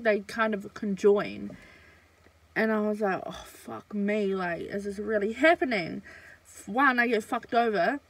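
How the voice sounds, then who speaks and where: A woman's voice: medium pitch, poor audio. A young woman, telling a story in a casual, chatty way with lots of fillers and swearing. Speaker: vlogger.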